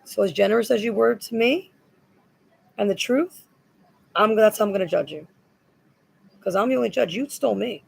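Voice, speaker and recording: Woman, very gravelly, husky, agitated, rambling monologue, repetitive. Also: medium pitch, normal speed, long pauses, rough recording.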